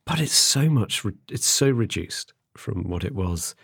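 A man's voice: lowish voice, animated, unhurried, vocal fry, fairly bright tone, slightly rough, no room sound, clean studio sound. A middle-aged man hosting a podcast, chatting casually and rambling with many restarts. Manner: rambling, restarts often, chuckles. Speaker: podcast host. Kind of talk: casual conversation.

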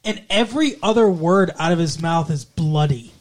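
A man's voice: on the high side, expressive, moderate pace. A man co-hosting a podcast, recapping a TV episode in sarcastic, profane, jokey chat. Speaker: podcast co-host.

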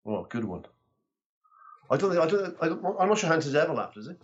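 A man's voice: a little high, big pitch swings, fast talker, highs cut off. A man with a South Welsh accent, a former rugby player and guest, joking in crude, rambling banter. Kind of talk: casual chat.

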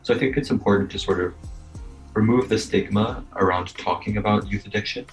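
Young male co-host, deep and measured like a newsreader, cheap mic on a home Zoom call. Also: soft background music, rough recording. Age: young adult. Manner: measured, newsreader-like, with many uhs. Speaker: podcast co-host. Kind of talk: casual podcast chat. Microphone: bad mic on a Zoom call.

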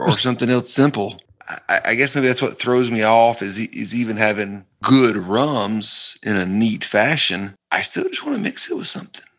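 A man co-hosting a casual tasting podcast, speaking in a halting, hesitant way. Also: medium pitch, a bit bright. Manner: halting, hesitant, many restarts. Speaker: podcast co-host.

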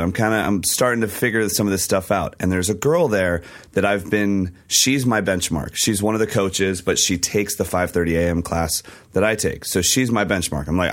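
A man co-hosting a podcast, hoarse from losing his voice, telling stories excitedly and laughing often in casual chat. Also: lowish voice. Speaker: podcast co-host.

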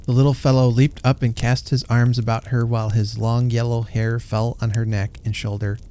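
Narrator for a classic story read aloud: man, mellow warm tone, unhurried and gentle. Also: mid-range voice, level tone, a little hiss or hum.

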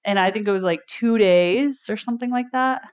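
A woman's voice: mid-range voice, a little fast, darkish tone, smooth. A woman life coach giving a motivational talk at a live event indoors, chatty and storytelling, laughing often.

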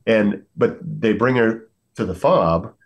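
A middle-aged American man with a lowish voice recounts combat stories in a podcast interview. He talks earnestly, leans on fillers and slips into the voices of others. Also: slow pace, vocal fry, husky. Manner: earnest, many fillers, acts out quotes. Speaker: guest, military veteran.

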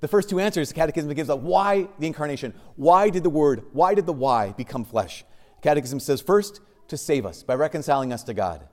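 A man, a Catholic priest, preaching a sermon with wry asides, swinging from urgent questioning to hushed emphasis. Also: fairly high pitch, expressive, fairly quick.

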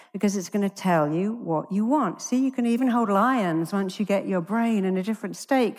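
Lady therapist doing a motivational stage talk, lively storytelling, acts out the quotes, mid pitch, big hall reverb. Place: large conference stage. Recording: long reverb of a large hall.

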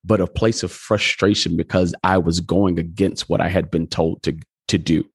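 A man with a low-pitched, slightly rough voice, a pastor, tells his story at a moderate pace in a conversational interview. Animated throughout, he acts out the dialogue as he goes, recorded in clean studio sound with no echo.

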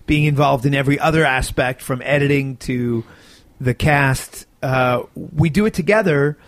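A man in his forties, an actor being interviewed, talking in a chatty, animated way and sounding tired. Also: medium pitch, normal speed, dry recording. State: tired, yawning. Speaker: actor and sitcom co-creator. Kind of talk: casual interview talk.

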